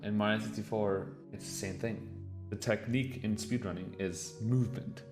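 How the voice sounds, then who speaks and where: Low-voiced excitable male streamer. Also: normal speed, music in the background. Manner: excitable, swears freely, gets emotional. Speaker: streamer reacting to a documentary. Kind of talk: casual live-stream commentary.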